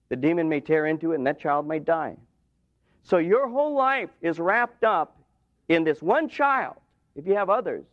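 A man preaching a sermon in a church, retelling scripture with dramatic rises and drops in intensity. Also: high voice. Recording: dull lo-fi sound.

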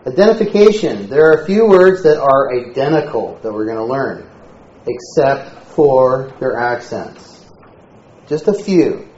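A man teaching a Greek class in a relaxed, joking lecture style. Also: medium pitch. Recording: echoey room, dull lo-fi sound.

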